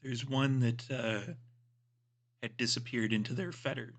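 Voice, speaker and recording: A man's voice: mid-range voice, fairly even intonation, unhurried. Guy game-mastering, mid voice, rambly scene descriptions full of "like". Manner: loose, rambling descriptions with many fillers. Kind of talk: narrating a tabletop game.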